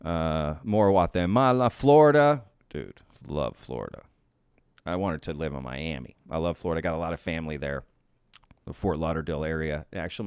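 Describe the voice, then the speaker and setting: A man's voice: a bass voice, clean tone, no room sound, studio quality. A man hosting a casual live stream, reading viewers' chat aloud, upbeat and laughing often.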